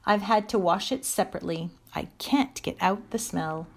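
A woman's voice: medium pitch, expressive, moderate pace, creaky, husky. A woman voicing a stout, anxious hedgehog washerwoman in a storybook reading, chatty and deferential. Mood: polite, fussy. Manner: bobbing, deferential, chatty about the washing.

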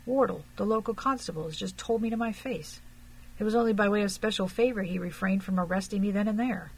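A woman reading aloud and voicing a frank, earnest young gentleman suspected of a crime, in an audiobook. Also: medium pitch, fast talker, slightly rough, low-quality recording. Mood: tense. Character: young gentleman under suspicion, frank and tense.

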